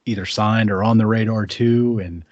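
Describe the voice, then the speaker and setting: A man's voice: lowish voice, fairly even intonation, moderate pace, a little mellow, no room sound, dull audio. A man co-hosting a casual wrestling talk show, enthusiastic and rambling, full of fillers. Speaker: podcast co-host.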